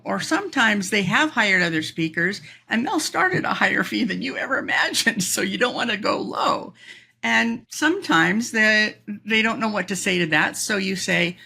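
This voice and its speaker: A woman guest in an interview, telling stories in an animated way, laughing often and acting out voices. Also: medium pitch, normal speed, creaky, husky. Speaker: professional speaker, guest. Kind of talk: casual storytelling interview.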